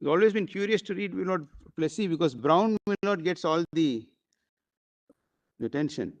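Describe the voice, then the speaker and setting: A man with an Indian accent pleads before the judges in a high voice. His argument is formal and full of deference. He stops often on "uh" and "my lord". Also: lively intonation. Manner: addresses the bench as "my lord" constantly, with halting fillers. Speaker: advocate arguing before the court. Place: courtroom.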